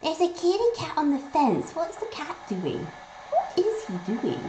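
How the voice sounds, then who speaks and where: Young woman streamer, casual chat, slow lively delivery, salty and easily amused; echoey, noisy home kitchen. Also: high-pitched. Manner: chatty, swears freely, easily amused. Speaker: livestreamer. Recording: echoey room with loud background noise.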